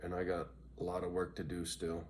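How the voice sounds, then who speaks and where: A middle-aged man, worn out and loopy, vlogs in a low, monotone voice at a brisk clip, with faint background noise. His talk is rambling and full of swearing, and he keeps asking "right?"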